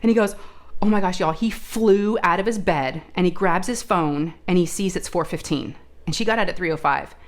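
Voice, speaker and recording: Woman crafting host, kinda low voice, just chatting and telling a story, lots of asides and "you know"s. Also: normal speed. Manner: chatty, animated retelling with many asides and fillers. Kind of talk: casual storytelling chat.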